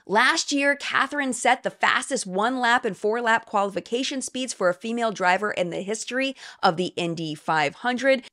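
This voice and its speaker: A woman's voice: medium pitch, fairly bright tone. A woman hosting a beauty news vlog, talking in a casual, emphatic way, openly emotional and sometimes sarcastic.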